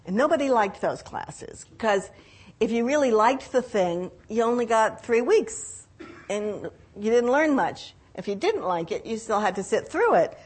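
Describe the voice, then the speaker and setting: A woman's voice: on the high side, husky. Older woman telling a personal story. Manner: reflective, unhurried, with restarts and lively quoted voices. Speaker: speaker telling her own story.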